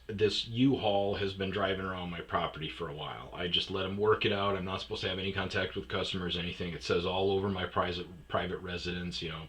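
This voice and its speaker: A man tells a rambling, profane story in a casual, offhand way. His voice sits a little low but comes across bright and forward. He jumps into loud, shouted bits whenever he acts out a scene. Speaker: storyteller host. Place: lives on a self-storage property in Arizona.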